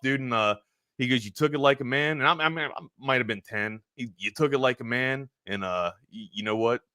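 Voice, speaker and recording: A man from Maryland hosts a sports talk show and tells a long personal story with plenty of restarts and bursts of animation. His voice has a bright, sharp edge at a mid pitch. The sound is dry and close, with no room behind it. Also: fairly quick, dry recording. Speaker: sports talk radio host.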